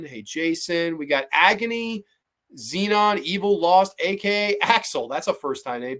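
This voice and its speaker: A man hosting a horror podcast livestream, ranting in a profane, animated way with frequent stammered restarts. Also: on the high side. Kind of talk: casual livestream chat.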